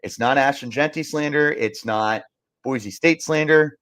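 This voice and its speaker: A man's voice: medium pitch, a little slow, fairly bright tone. A young man hosting a sports podcast, ranting emphatically and repeating himself in frustration as he reads live comments. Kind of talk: fired-up sports talk, reading live comments.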